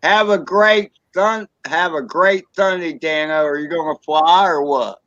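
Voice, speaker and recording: A man chatting casually on a live stream, talking slowly and drawn out. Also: a little high, a bit bright, no room sound. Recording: slightly dull sound.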